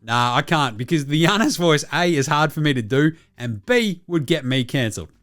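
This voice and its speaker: A man's voice: on the high side, lively intonation, normal speed, a bit bright, soft background music. An Australian man hosting a solo sports talk show, bluntly rambling and swearing constantly as he reads out listener messages. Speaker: podcast host.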